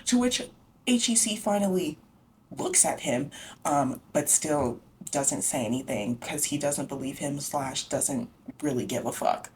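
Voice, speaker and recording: A woman's voice: low voice, measured pace, darkish tone, a little hiss or hum. A woman giving a casual, slangy book recap, chatty and swearing freely. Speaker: book vlogger.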